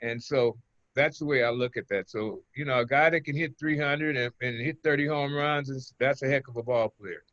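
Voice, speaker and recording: An older man from Oakland, a former pitcher, telling rambling stories as an interview guest. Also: normal speed, no room sound, highs cut off. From Oakland, California. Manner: relaxed, rambling, chuckles between stories. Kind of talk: casual interview storytelling.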